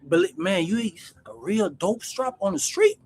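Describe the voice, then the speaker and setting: Male host, husky and slightly high-pitched, animated slangy storyteller talking to camera. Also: unhurried. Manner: slangy, animated, peppers speech with "bro" and "man". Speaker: channel host recounting prison life.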